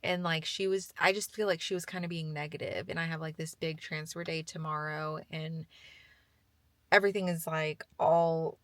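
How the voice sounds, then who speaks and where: A young adult woman vlogging, telling a story in an animated, chatty way with casual swearing. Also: low voice, normal speed, no echo.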